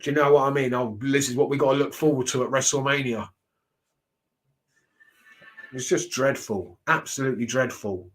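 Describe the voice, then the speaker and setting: A man's voice: mid-range voice, steady tone, normal speed, long pauses. A man, casually reacting to wrestling shows, blunt and ranting, swearing freely.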